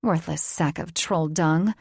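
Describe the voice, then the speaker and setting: A woman voicing a small, shrill male companion who shrieks and grumbles in an audiobook. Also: takes it slowly, gravelly, husky, no room sound, clean studio sound, full character voice. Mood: agitated.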